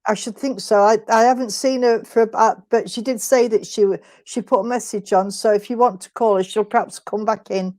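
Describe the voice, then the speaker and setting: Welcoming woman service leader, mellow and a little high, relaying brief replies. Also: fairly even intonation, a little fast, few pauses. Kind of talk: online service chat.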